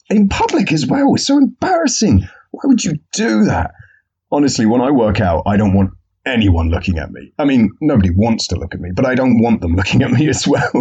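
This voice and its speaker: A man's voice: on the low side, dark tone, slightly rough. A young man hosting a podcast in a comedic solo monologue, sarcastic and swearing a lot. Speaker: podcast host. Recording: dull lo-fi sound.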